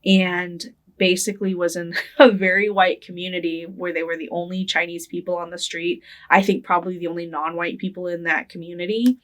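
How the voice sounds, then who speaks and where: A woman's voice: on the low side, little pitch movement, a little fast, hardly any pauses. A young adult woman from Northern California talks through her childhood memories for an oral history interview. She keeps a casual, reflective tone, often adds "right?", and laughs lightly now and then. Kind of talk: reflective personal storytelling.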